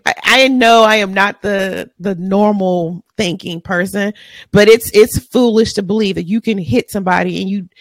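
Blunt, animated woman ranting. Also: on the high side, creaky, no echo. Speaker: podcast co-host. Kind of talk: casual chat.

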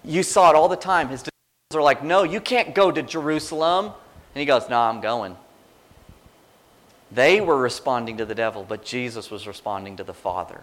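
A man preaching a sermon in a conversational, animated way, acting out quoted prayers and reactions. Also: mid-range voice, moderate pace.

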